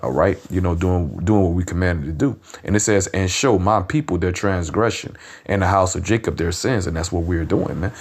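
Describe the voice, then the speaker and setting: Lowish-voiced guy preaching off the cuff, blunt and cussing, keeps saying man. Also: a little mellow. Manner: blunt, profane, repeats "man" and "you know what I'm saying"; reads verses slowly and emphatically. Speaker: street preacher. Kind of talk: informal scripture teaching.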